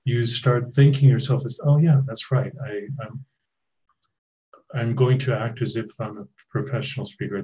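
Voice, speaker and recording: A man's voice: medium pitch, warm tone, dull audio. A man explaining advice as a guest in a podcast interview, in a conversational, explanatory way. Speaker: guest expert.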